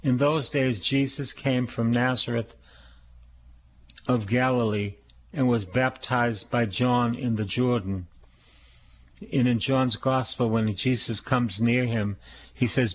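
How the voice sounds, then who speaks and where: Man preaching a sermon, keeps asking the crowd questions, middle pitch, kinda muffled recording. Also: fairly even intonation, takes it slowly. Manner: emphatic, repeating phrases and asking the congregation questions. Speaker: priest.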